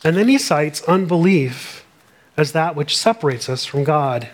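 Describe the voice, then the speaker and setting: A man with a slightly high voice delivers a sermon. He works through scripture verse by verse and reads passages aloud with earnest emphasis. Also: lively intonation, unhurried. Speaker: pastor.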